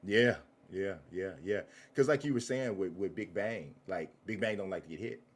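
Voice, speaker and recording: A man hosting a casual boxing interview, relaxed and agreeable, often chiming in with short agreement. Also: sits low, normal speed. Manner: relaxed, agreeable, chimes in with yeahs. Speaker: interviewer, channel host.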